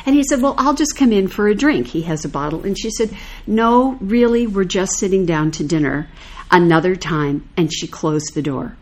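Older woman, animated anecdotal storyteller, casual chat. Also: fairly low pitch, normal speed. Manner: animated anecdotal storyteller, acts out quoted lines.

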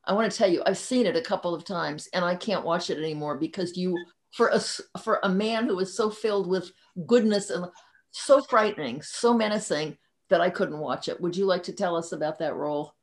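A woman's voice: fairly low pitch, fairly quick. Effusive woman interview host. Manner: effusive, gushing reactions, chatty tangents.

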